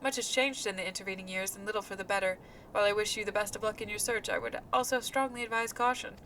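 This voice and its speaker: A woman reading out a smooth, ominous male inquisitor in her own plain voice. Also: medium pitch, fairly even intonation, a bit bright, slight background noise, natural voice, poor audio. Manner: measured, cautioning, plain reading voice.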